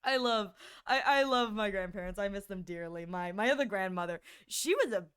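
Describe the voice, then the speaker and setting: A woman's voice: medium pitch, brisk, a bit bright, clean tone. A young woman streamer in casual chat, giggling often and rambling between stories.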